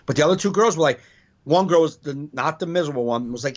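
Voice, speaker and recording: A fast-talking comedian with a mid-range voice swaps club stories in a loose, profane podcast conversation. He acts out quotes as he tells them with animation, and the audio is dull and lo-fi.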